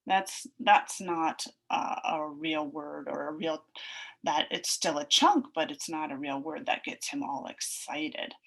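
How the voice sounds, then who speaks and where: A woman teacher giving a recorded phonics lesson for young children, slowly sounding out word chunks in a sing-song way. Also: sits low, creaky, fairly bright tone. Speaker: elementary school teacher.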